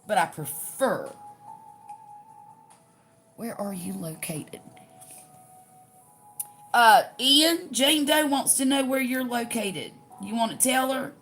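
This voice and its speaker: A woman's voice: fairly high pitch, animated, slow pace, pauses often, fairly bright tone, soft background music. An older woman with a Southern US accent chatting casually, folksy, reading out viewer comments and laughing often. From US Gulf Coast. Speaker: livestream crafting host.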